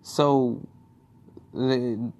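A man's voice: medium pitch, fairly even intonation, extremely slow, a little mellow. A young man casually telling a personal story, swearing, rambling and repeating himself.

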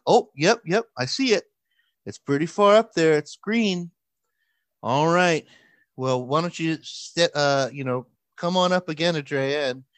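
Man in his usual mid-range voice telling a lively anecdote in conversation, doing the other people's lines, recorded dry and close. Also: medium pitch, no echo. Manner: animated, acts out quoted voices with laughs. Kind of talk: casual storytelling chat.

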